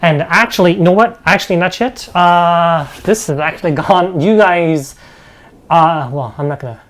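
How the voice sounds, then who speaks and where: Casual hesitant game master. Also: male voice, on the high side, normal speed, fairly bright tone. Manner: casual, hesitant, lots of fillers. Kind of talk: running a streamed tabletop game.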